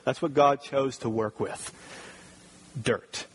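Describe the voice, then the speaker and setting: A man's voice: medium pitch, steady tone, slow, pauses often, a bit bright, husky. A man preaching a sermon, earnest and building to emphatic points. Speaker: pastor.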